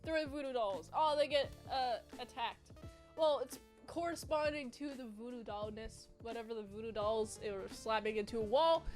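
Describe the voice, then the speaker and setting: A woman's voice: on the high side, fairly even intonation, moderate pace, darkish tone, soft background music. A woman giving a casual, playful, rambling movie review.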